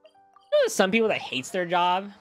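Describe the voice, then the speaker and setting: Animated man telling stories casually. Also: high voice, normal speed, faint music behind. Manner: animated storytelling, swears, rambling restarts. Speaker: streamer. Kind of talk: casual chat.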